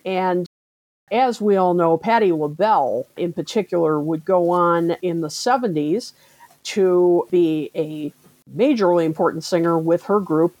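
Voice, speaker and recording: A woman with a low-set voice co-hosts a music history podcast, talking in an informative, enthusiastic way. Her sound is dry and close. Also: a little slow, darkish tone, no room sound. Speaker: podcast co-host. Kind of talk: casual music history chat.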